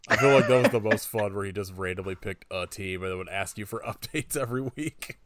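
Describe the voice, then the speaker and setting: A man co-hosts a casual podcast and chats in a wry, offhand way. His voice sits very low. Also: a little fast, a bit bright, no room sound. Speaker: podcast co-host. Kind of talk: casual chat.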